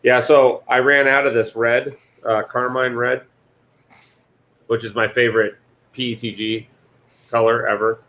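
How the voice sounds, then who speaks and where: A man's voice: medium pitch, level tone, measured pace, long pauses, fairly bright tone. A man hosting a casual livestream, joking and swearing loosely while wiring a printer. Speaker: host building a printer enclosure.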